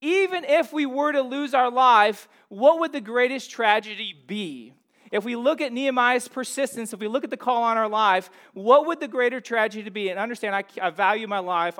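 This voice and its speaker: A man in his thirties delivers a sermon in a high-pitched voice. He talks in an easygoing, conversational way, often checking in with the congregation through questions. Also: fairly bright tone. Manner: conversational, asks the room questions. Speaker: pastor.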